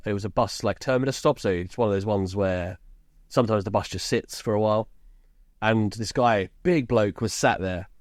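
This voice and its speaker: A man's voice: fairly low pitch, dry recording, studio quality. Chatty man in his thirties. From England, around London. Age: 30s. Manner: chatty storyteller, recaps scenes with laughs. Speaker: podcast co-host. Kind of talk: casual film-discussion chat.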